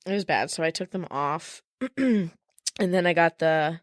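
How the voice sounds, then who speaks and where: A woman co-hosting a podcast in casual chat, relaxed and matter-of-fact. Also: sits low, unhurried, no echo, studio quality. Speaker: podcast co-host.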